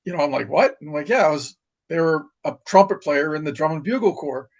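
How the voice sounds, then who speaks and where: A middle-aged retired Marine from New York, telling stories in casual chat with plenty of fillers and restarts. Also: male voice, on the high side, quick pace. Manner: rambling, many restarts and fillers. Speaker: podcast guest, retired Marine. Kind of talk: casual storytelling.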